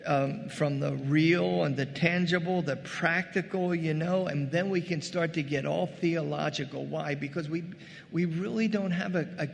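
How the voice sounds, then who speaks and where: A male pastor delivering a conversational, animated sermon, calling his congregation "gang" and acting out scripture scenes. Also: a little high, creaky, big-room sound. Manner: addresses the congregation as "gang" and "guys".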